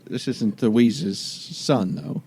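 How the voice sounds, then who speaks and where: A man playing a tabletop game, easygoing and quick to laugh. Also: mid-range voice, a little mellow, a little hiss or hum. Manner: easygoing, giggly. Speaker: player. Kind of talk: casual tabletop play.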